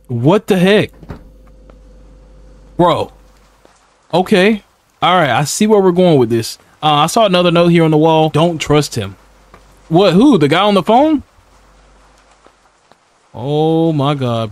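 A man's voice: fairly high pitch, animated, unhurried, pauses often, dry recording. A young man casually commenting on a horror game as he plays, slangy and laughing often, talking back to the characters. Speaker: gaming YouTuber. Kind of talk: casual let's-play commentary.

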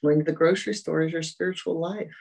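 A spiritual teacher giving a meditative dharma talk, gentle and repetitive, often fading to soft murmurs. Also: mid-range voice, steady tone, fast talker, creaky, poor audio.

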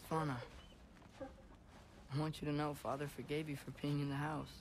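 An actor playing an earnest teenage boy in a video game, talking softly and tenderly. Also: fairly high pitch, flat delivery, normal speed, a little hiss or hum, natural voice. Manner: soft, tender with animals.

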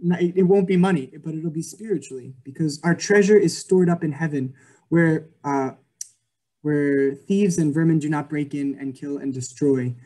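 A young man shares his faith story over a video call, sounding earnest and filling his pauses with ums and likes. His voice sits a little high for a man. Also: dark tone. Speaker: guest speaker.

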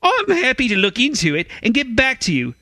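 A man putting on an exaggerated Australian accent to voice a male politician, pushing his voice up high. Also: huge pitch swings, a little fast, bright, forceful tone, no echo, full character voice. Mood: folksy.

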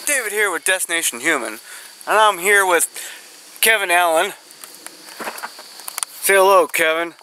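An exasperated man with a high, bright voice co-hosts a vlog outdoors. He sounds indignant and a little fed up, with faint background noise. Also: normal speed, long pauses, low-quality recording. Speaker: co-host. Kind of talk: casual vlog commentary.

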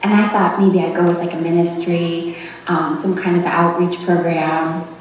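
A young woman giving a tender, rambling memorial tribute, laughing softly between her thoughts. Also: on the low side, flat delivery, normal speed, slight background noise. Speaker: daughter giving a eulogy. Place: memorial service hall. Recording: echoey hall, heard from far off.

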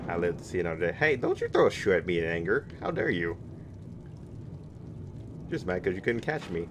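A young man giving jokey horror game commentary, taunting the game and bursting into high yells. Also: wildly swooping pitch, brisk, background noise. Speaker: gaming streamer.

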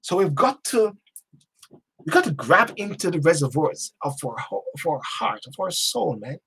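Man, talk show host, husky voice, preachy, chant-like repetition, hushed then loud. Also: a little high, animated, normal speed. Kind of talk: passionate motivational monologue.

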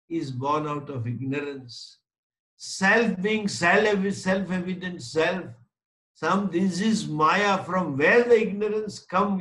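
A man's voice: high-pitched, a bit bright, reverberant, low-quality recording. A man, a swami giving a Vedanta lecture to a class, explaining by repeating and rephrasing points with homely examples. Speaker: swami, spiritual teacher.

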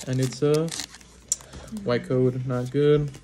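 A man talking casually at home while he opens card packs. He rattles off card names in quick succession and breaks in with short, excited reactions. His voice sits at an ordinary middle pitch for a man. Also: a little hiss or hum. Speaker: card-opening channel host. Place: at home at a small table.

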